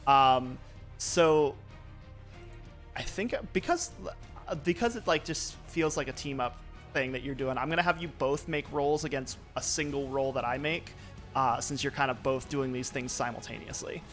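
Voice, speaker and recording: Casting: easygoing young game master, rambling with ums and likes, mid pitch, faint music behind. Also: male voice, normal speed, a bit bright. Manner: loose, lots of um and like fillers. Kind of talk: narrating a tabletop game.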